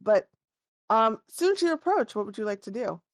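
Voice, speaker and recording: A woman's voice: a little high, moderate pace, no room sound, clean studio sound. A woman narrating as game master in a casual tabletop session, talking loosely with frequent filler words. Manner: casual, relaxed, many fillers.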